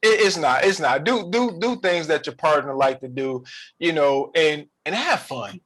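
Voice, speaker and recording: A male podcast co-host with a high voice, talking about relationships. His delivery is animated and playful. He often slips into quick comic voices. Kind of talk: casual relationship chat.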